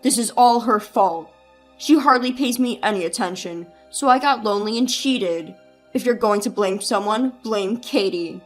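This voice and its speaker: A woman's voice: mid-range voice, normal speed, faint music behind, voice pushed down, lightly acted. A woman voicing a cowardly cheating man who whines and blames others. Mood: whiny. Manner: whiny, blaming.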